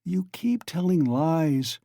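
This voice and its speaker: A man's voice: on the high side, lively intonation, vocal fry, mellow, dry recording, clean studio sound. A man reading aloud and voicing a tense young man under suspicion, strained and accusing. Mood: bitter. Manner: strained, accusing, at times slow and weak.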